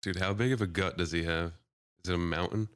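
A man co-hosting a podcast, laughing a lot and dropping deadpan one-liners. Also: sits low, fast, smooth, no room sound, studio quality. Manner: laughs often, deadpan quips. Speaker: podcast co-host. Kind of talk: casual chat.

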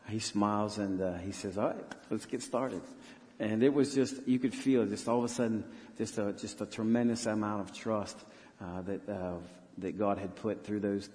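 A man serving as a missionary pastor, telling a story in an earnest, halting way with many restarts during a church interview. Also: lowish voice, warm tone. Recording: long hall reverb.

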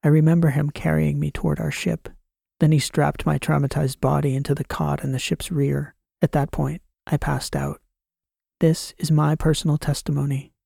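A man narrating a science fiction audiobook in the first person, reading in a measured, dramatic way. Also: on the high side, flat delivery, vocal fry, warm tone, slightly rough, dry recording, studio quality.

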